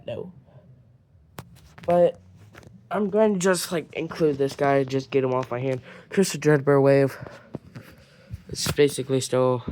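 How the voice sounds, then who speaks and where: A man's voice: on the high side, warm tone, slight background noise. A man from Ireland showing off his toy collection in a casual, rambling way, with many fillers and some near-whispered asides. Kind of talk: casual collection show-and-tell.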